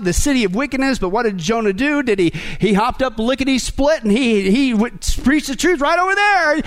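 Preaching with heavy sarcasm, this middle-aged pastor speaks in a very high pitch, his sermon lurching from loud outbursts to quiet, hushed asides.

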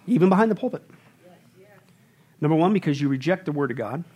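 A man preaching a sermon as pastor, swinging from quiet asides to loud, mocking bursts. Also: fairly high pitch, expressive, fast, breathy edge.

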